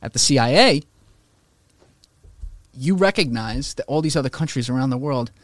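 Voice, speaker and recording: Man, casual podcast talk, opinionated, animated, mid pitch, dry close sound. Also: moderate pace, dry recording. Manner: animated, opinionated, swearing, putting on mocking voices for quotes.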